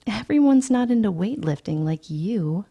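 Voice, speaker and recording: A woman voicing a sharp, petulant young socialite with a breathy, sing-song delivery in an audiobook reading. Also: mid-range voice, lively intonation, normal speed, pitched above the performer's own voice. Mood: snippy. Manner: snippy and dismissive.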